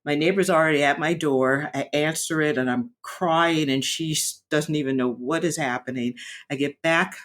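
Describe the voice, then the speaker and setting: A woman speaking candidly in a personal vlog, reflective and earnest, often pausing and restarting her sentences. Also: sits low. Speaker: vlogger sharing a personal story.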